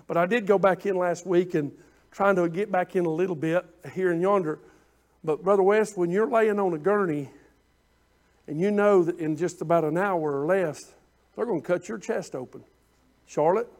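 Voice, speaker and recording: A man preaching a folksy sermon, moving from quiet talk to loud, shouted exhortation. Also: high-pitched. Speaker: pastor.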